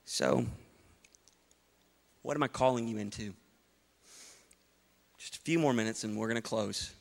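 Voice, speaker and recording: A man's voice: fairly low pitch, a little slow, gravelly, in a large hall. A male pastor preaching a sermon to a congregation, emphatic and rhetorical, with playful asides to the room. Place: church hall before a congregation.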